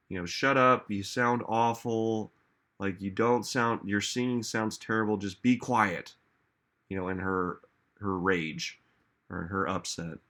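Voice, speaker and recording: Male motivational speaker, slightly low voice, relaxed talk that turns emphatic with questions to the audience. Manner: conversational, frequent "like" and "right?". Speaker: self-help speaker.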